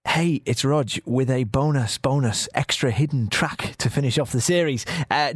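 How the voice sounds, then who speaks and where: A man with an even, mid-range voice, recorded dry and close. He introduces a podcast bonus with wry, storytelling timing. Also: medium pitch, no echo. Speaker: podcast co-host.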